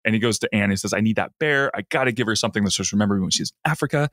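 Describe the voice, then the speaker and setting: Podcast co-host, male, low-pitched, lively storyteller, dry recording. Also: racing, no room sound. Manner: animated retelling, acting out lines in a raised voice. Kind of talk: casual chat recapping an episode.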